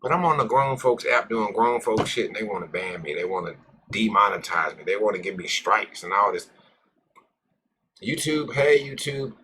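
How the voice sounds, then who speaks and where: A man's voice: lowish voice, animated, moderate pace, pushed and bright, a little hiss or hum. A man hosting a casual live stream, rambling, joking with his viewers and cursing freely. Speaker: cannabis live-stream host.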